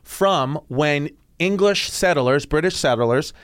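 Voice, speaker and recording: A man talks in a slightly high voice, hosting a casual podcast. He tells stories in an animated way, with the odd swear word. His voice sounds close and dry, with no room echo. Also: slow, clean tone. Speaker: podcast host.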